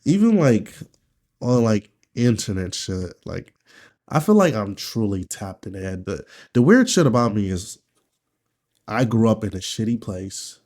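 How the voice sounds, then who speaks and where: A man from Nigeria speaks straight to camera in a personal video diary. His voice sits low and mellow, and he talks in a candid, rambling way laced with swearing. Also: very animated, measured pace. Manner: candid, profane, rambling talk. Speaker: vlogger.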